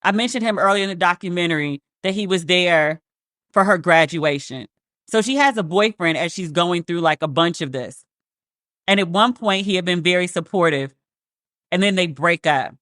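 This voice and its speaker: A woman hosting a casual review show, talking in an animated, sarcastic way with frequent swearing. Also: lowish voice, moderate pace, no echo, studio quality. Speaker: commentary host.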